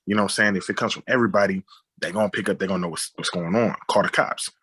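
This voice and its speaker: A man's voice: sits low, rapid-fire, husky. A man, a director and writer, telling a personal story in an interview, acting out sounds and quoted voices as he goes. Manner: animated retelling with sound effects and quoted dialogue. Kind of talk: conversational storytelling.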